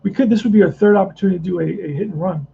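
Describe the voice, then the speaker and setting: Gravelly high-voiced man rambling over a tabletop game. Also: very fast, narrow, tinny audio, slight background noise. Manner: rambling, thinks aloud, restarts often. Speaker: tabletop baseball player narrating a replay. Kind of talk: casual play-by-play and chat.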